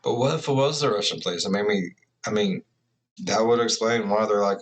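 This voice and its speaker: A man's voice: fairly low pitch, brisk. A man giving rambling, profane, casual commentary as a reaction video host.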